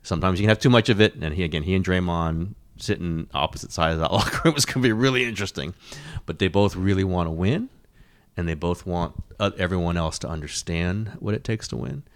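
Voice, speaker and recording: A middle-aged man hosting a casual sports talk show, rambling and animated, with frequent restarts and the odd swear. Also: low voice, fast talker. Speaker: sports columnist and podcast host.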